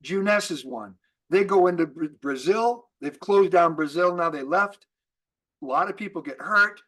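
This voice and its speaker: A man with a high-pitched voice delivers an upbeat business training. He fires off rhetorical questions and often stumbles and restarts, repeating key words for emphasis. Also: normal speed. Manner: energetic, repetitive, with rhetorical questions and frequent restarts. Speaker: network marketing trainer. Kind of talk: motivational business training talk.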